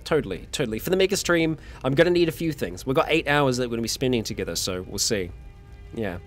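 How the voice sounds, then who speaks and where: A man's voice: medium pitch, animated, fast, soft background music. A young man, chatting casually on a livestream and answering viewer questions, a little tired. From New Zealand. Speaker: streamer.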